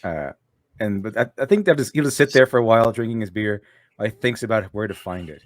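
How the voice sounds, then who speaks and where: A man's voice: fairly low pitch, quick pace, no echo. A man playing a tabletop game, chatting casually and chuckling. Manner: chuckling, animated. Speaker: player.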